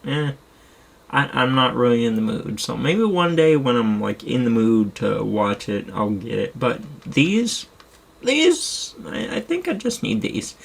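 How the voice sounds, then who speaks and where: Young male streamer, gravelly and husky, excitable rambling host. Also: medium pitch. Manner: rambling, excitable, swears casually. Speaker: streamer showing his movie collection. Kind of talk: casual chat.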